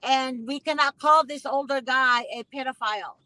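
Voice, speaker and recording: High, bright-voiced impassioned woman host. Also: moderate pace, dry recording, poor audio. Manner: emphatic, impassioned, repeats herself. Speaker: mother. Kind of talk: casual conversation.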